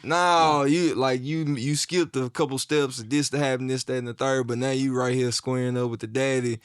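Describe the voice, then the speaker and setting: Casual male podcast regular, mid-pitched, clean and smooth tone, dry close sound. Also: fairly quick, no echo. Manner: agreeable, backs others with steady affirmations. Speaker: camp counselor. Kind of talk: casual chat.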